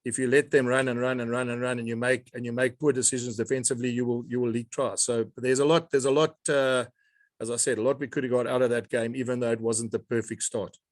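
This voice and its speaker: A middle-aged man, a rugby coach answering reporters' questions in a measured way, often repeating words as he searches for them. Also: medium pitch, level tone, dry recording. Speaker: rugby coach at a press conference. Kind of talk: press conference answers.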